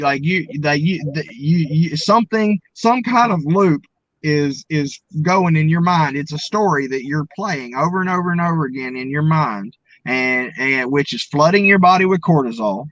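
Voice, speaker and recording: A man with an Arkansas accent, a guest in an interview, talking in a folksy, halting way with restarts. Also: on the high side, a bit bright, no echo, muffled recording. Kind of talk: casual interview chat.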